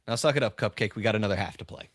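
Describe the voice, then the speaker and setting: A man's voice: on the low side, racing, fairly bright tone, no echo, studio quality. A man voicing a tearful, exhausted young male football player in a raised, pleading voice.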